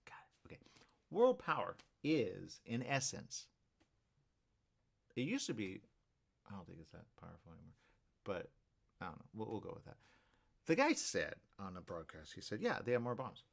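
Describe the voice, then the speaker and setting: A man's voice: deep voice, sing-song, moderate pace, vocal fry, pauses often, breathy edge. A man hosting a talk show, rambling in a casual monologue, repeating himself and checking in with viewers.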